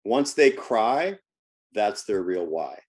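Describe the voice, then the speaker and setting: A man's voice: on the low side, very animated, slow pace, a little mellow. A man who works as a health coach, talking casually in an interview and telling stories from his work, often restarting and repeating words.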